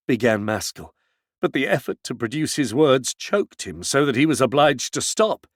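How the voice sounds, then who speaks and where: A man reading a classic novel aloud as an audiobook narrator, with dramatic, measured delivery. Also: mid-range voice, expressive, dry recording, clean studio sound. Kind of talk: scripted narration.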